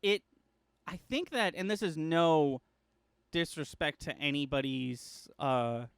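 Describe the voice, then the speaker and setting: A young man on a film podcast builds his points carefully, hedging and dropping the odd curse. His voice is a touch high, clear and smooth. The mic is close with no room sound. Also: takes it slowly, fairly bright tone, no room sound. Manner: thoughtful, hedging, swears casually. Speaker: podcast co-host. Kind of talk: casual film discussion.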